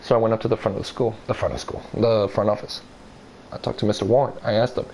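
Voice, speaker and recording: Speaking fast over a rough recording with a bit of hiss or hum, a man tells a casual personal story. It's rambling and profane, retold with animation, and he raises his pitch to quote what others said.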